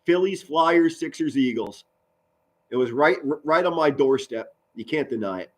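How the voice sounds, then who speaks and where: A man, doing loud live football play-by-play and chatting with viewers. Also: on the high side, normal speed. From Pennsylvania, US. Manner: loud, excitable, swings from mutters to shouts. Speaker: sports commentary streamer.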